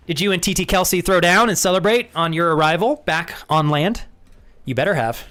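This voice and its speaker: A young man chats casually with his live-stream viewers while gaming, thanking them by name and swearing freely. His voice sits a little high and shoots up when he gets excited. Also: a little fast, soft background music.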